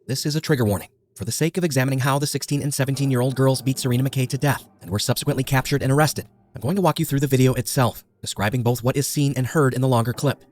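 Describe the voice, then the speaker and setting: Reading from a script, a man narrates a true crime podcast at a quick pace and middle pitch. His tone is grave and measured, and he lays out each detail steadily.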